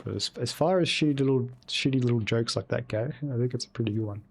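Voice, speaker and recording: A young man chats casually while live-streaming a video game, rambling and swearing plenty in a laid-back way. His mid-range voice is husky with vocal fry, and he talks at a quick pace.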